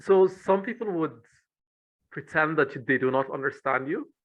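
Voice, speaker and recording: A man's voice: fairly high pitch, expressive, moderate pace, a bit bright, rough recording. A man hosting a podcast, asking questions in a hesitant way with restarts and short acknowledgements. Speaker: podcast host. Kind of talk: casual interview.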